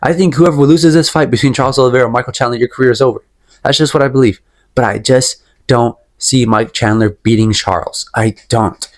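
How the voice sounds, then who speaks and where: A man's voice: mid-range voice, fairly quick. A young man giving a casual, rambling opinion rant about fighters, emphatic and repetitive, often restating his point. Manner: rambling, emphatic, repeats himself, sips tea while talking. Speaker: MMA commentary vlogger.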